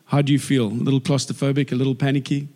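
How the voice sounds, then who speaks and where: Animated man preaching in a reverberant hall. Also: mid-range voice, racing. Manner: chatty, jokey and animated, with laughs. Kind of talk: sermon. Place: church hall. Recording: echoey hall with long reverb.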